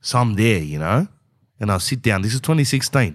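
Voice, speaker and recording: A man's voice: fairly low pitch, big pitch swings, a little fast. A middle-aged man telling a rambling comic story, acting out both sides of the dialogue and saying "bro" a lot. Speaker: comedian.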